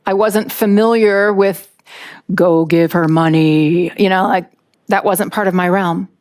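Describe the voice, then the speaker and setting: A woman, around her forties, from the United States, telling a personal story in a talk with lively acted-out moments. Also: mid-range voice. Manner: lively storyteller, acts out voices. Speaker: speaker.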